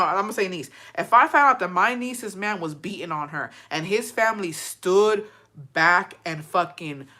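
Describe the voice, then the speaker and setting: A woman's voice: mid-range voice, pushed and bright. A woman giving heated, profane reaction commentary, ranting with outrage. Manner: profane, outraged, fast-shifting rant.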